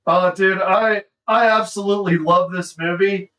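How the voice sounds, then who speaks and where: A man streaming a casual movie reaction, excitable and saying "dude" constantly. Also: high-pitched, measured pace, far from the mic, poor audio.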